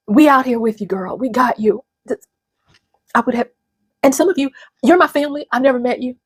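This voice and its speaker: A woman's voice: fairly high pitch, breathy edge, no echo. A woman in her fifties giving an earnest, emotional motivational talk to her viewers, close to tears at times. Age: 50s. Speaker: channel host. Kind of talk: personal motivational talk to camera.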